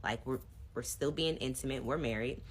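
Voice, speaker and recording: In a relaxed storytime vlog, a woman with a strikingly deep, low voice shares a personal story at normal speed. She talks casually and addresses her viewers directly, like a chat.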